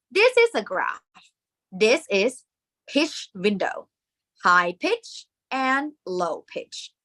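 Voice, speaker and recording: Thai woman teaching tones, lively high voice. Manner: demonstrates tones by singing syllables, checks in with "okay?". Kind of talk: live online lesson.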